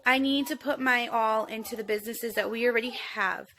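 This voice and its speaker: A woman's voice: fairly high pitch, fairly even intonation, fairly quick, a bit bright. A woman in her thirties talking candidly into her phone in a confessional vlog, earnest and emotional, rambling and restarting her sentences. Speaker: vlogger.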